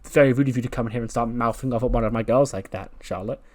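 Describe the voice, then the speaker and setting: A man voicing a composed woman in charge, speaking calmly, politely and firmly while narrating a wrestling sim playthrough. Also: mid-range voice, very fast, close to an everyday voice.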